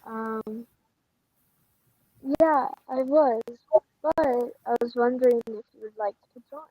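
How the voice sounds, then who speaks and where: Quiet high-voiced woman player. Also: slow pace, dry recording, lo-fi sound. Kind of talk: tabletop role-play in character.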